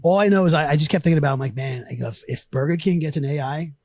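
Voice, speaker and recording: A man's voice: a little high, racing, dry recording, clean studio sound. A man co-hosting a casual podcast, telling stories with energy, swearing and acting out quotes. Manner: animated storyteller, swearing, acts out quotes. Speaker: podcast co-host. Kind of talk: casual chat, storytelling.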